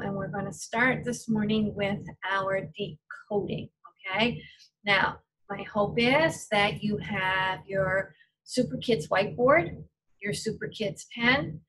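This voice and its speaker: Woman, teacher, children's phonics lesson, unhurried, sounds out words to repeat, distant mic. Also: mid-range voice, fairly bright tone. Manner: slow, clear modeling of sounds for pupils to repeat.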